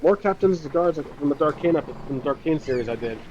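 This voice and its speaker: A man's voice: fairly high pitch, animated, fast, noisy background. A man narrating his own solo tabletop game, thinking aloud and often restarting, on a dull lo-fi recording.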